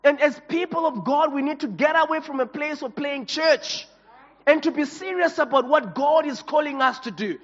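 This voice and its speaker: High-voiced man preaching passionately. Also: moderate pace. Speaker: pastor. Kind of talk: sermon. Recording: reverberant hall, dull lo-fi sound.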